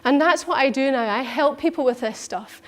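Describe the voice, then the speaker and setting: Animated high-voiced woman. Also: moderate pace. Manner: animated, acts out her own thoughts in little voices. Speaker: personal development coach. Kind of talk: personal storytelling talk.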